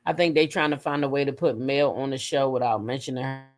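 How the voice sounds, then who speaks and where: A woman hosting a casual gossip livestream, talking with her chat, swearing freely and breaking into high shrieks as she retells her reactions. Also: fairly even intonation, fast talker. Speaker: livestream host.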